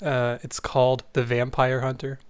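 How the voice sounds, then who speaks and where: A man's voice: mid-range voice, monotone, normal speed, clean tone, no room sound. A man hosting a podcast, chatting casually and reading a story aloud, easily amused. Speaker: podcast host.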